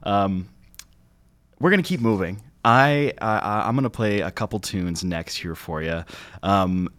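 A man co-hosting a radio show, chatting in a relaxed, easygoing way. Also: lowish voice, unhurried, dry recording. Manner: relaxed and easygoing, with fillers and laughs. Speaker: radio co-host. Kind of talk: casual radio chat.

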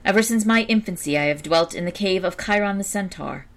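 A woman voicing a polite, earnest young hero in a storybook reading, speaking calmly and courteously. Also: medium pitch, brisk, natural voice.

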